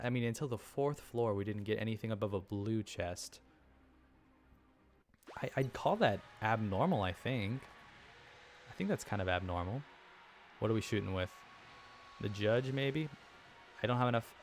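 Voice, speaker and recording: A young man casually commenting on his own gameplay, rambling and self-deprecating, with chuckling asides. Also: lowish voice. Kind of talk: casual let's-play commentary.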